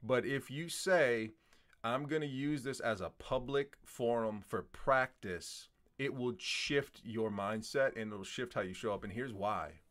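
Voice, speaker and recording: A man's voice: mid-range voice, unhurried, a bit bright. A man in casual conversation, talking earnestly in a motivational way and asking rhetorical questions.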